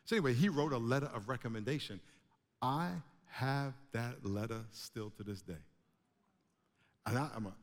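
Guy preaching a sermon, gets loud and punchy, big hall echo behind him. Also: mid-range voice. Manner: animated preaching with rising, emphatic bursts. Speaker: pastor. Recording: long hall reverb.

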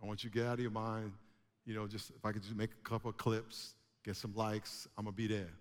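A man preaching a sermon to a congregation, animated, with emphatic rising bursts. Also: on the low side, fairly quick. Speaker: pastor. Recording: long hall reverb.

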